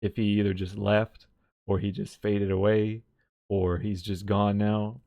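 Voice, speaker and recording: Low-voiced man rambling through a game recap. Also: level tone, measured pace, creaky, dark tone, dry recording. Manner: rambling, self-correcting, chuckling. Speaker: video game story commentator. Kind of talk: casual commentary recap.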